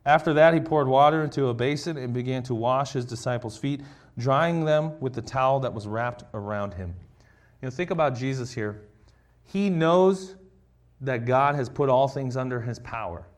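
A man's voice: mid-range voice, normal speed. Man preaching in a conversational tone. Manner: conversational, acts out quoted lines. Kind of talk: sermon with scripture reading.

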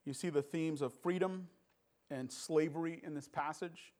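A man preaching a sermon in an earnest, halting way, often repeating words as he restarts. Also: fairly high pitch, darkish tone.

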